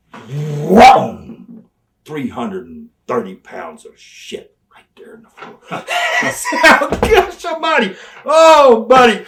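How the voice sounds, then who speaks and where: A man's voice: high voice, a little hiss or hum. Folksy older man. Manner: animated, folksy, laughs through stories. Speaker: interview guest. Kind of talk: storytelling in a sit-down interview.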